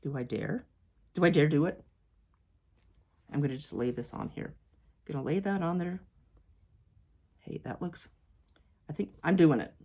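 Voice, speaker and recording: In a low, darkish voice, a woman quilter talks her viewers through her sewing at a measured pace, pausing often. She sounds animated and chatty, addresses them as "you guys," and swings between self-doubting worry and cheering herself on.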